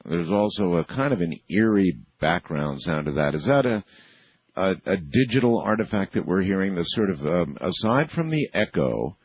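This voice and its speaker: Deep-voiced husky male radio host. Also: big pitch swings, normal speed, dry recording, highs cut off. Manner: chatty, laughs easily. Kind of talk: casual radio interview.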